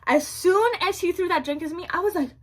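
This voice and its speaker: High-pitched, animated young woman vlogger. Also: brisk. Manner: animated, slangy and profane, with dramatic repetition. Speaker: vlogger telling a story. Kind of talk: casual storytime vlog.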